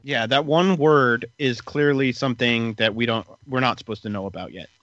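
A man's voice: medium pitch, moderate pace, fairly bright tone, no room sound, muffled recording. A man casually retelling story events in a podcast chat, rambling with lots of fillers.

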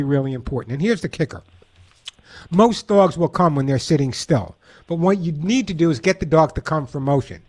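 Brief: lively New York-accented male radio host, slightly high voice, talks listeners through dog training. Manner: animated, acts out dog commands. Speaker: radio host and pet behaviorist. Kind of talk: call-in radio advice.

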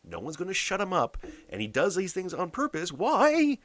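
A man's voice: high voice, wildly swooping pitch, fairly quick, fairly bright tone, dry recording. A man from Canada giving a blunt, sarcastic political rant, swearing heavily.

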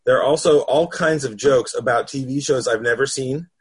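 A man talking frankly about films in a casual podcast conversation, measured and quick to laugh. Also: mid-range voice, breathy edge. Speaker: panel guest.

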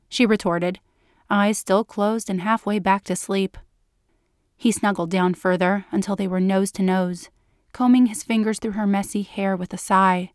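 A woman reads a written story aloud at a slow, measured pace. Her voice sits in a middle register and sounds dry and close, with no room around it. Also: medium pitch, steady tone, dry recording. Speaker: narrator. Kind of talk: scripted story narration.

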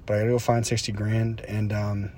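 A man's voice: lowish voice, level tone, a little fast, dark tone. A young man from the Boston area records a late-night vlog outdoors after an event, rambling and swearing as he pep-talks himself. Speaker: filmmaker vlogger. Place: city street outdoors at night. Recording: outdoor traffic noise.

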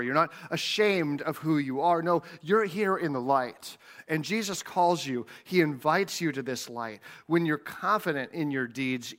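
A man's voice: on the high side, fairly bright tone. Pastor guy preaching, earnest, keeps repeating words. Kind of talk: sermon.

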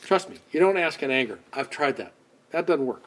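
A man preaching a conversational sermon, acting out quoted voices and dropping to soft asides. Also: on the high side, lively intonation, fairly quick. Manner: conversational, dramatic swings between loud outbursts and soft asides.

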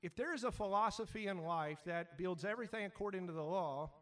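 A man preaching a sermon as pastor, animated, shouting at times and then dropping to quiet asides. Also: high voice, fairly quick, distant mic.

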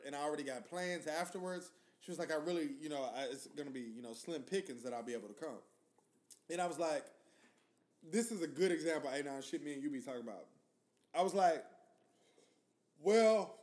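A man's voice: a little high, fast. A man hosting a podcast, telling loose, profane stories in casual chat. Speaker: podcast host.

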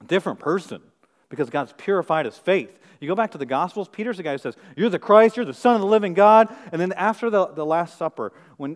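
A man preaching in a somewhat high voice, leaning hard on rhetorical questions. He drops to a near hush, then climbs to loud, pressing emphasis. He is a middle-aged pastor in full sermon mode. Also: long reverb tail.

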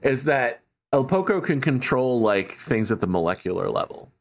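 A man's voice: mid-range voice, sing-song, normal speed. A man co-hosting a casual movie review podcast, mocking the film and swearing freely. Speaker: podcast co-host.

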